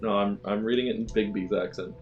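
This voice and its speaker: A male streamer chats casually and laughs his way through a game. His voice sits a little low, and faint game music plays behind him. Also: steady tone, fast talker, darkish tone, lo-fi sound. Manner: chatty and laughing. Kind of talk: let's play commentary.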